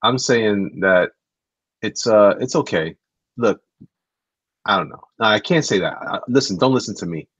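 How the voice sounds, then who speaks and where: Stream host, lowish husky voice with lively swings, stumbles and restarts, dry sound. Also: male voice, normal speed, long pauses, no echo. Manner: hesitant, restarts a lot, repeats "listen". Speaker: live-stream host reading chat. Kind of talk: casual live-stream chat.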